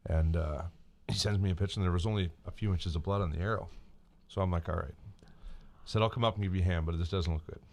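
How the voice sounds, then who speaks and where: A man's voice: deep voice, steady tone, fast talker, darkish tone. A man co-hosting a casual talk show, telling a long story and quoting himself, often repeating words. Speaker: podcast co-host.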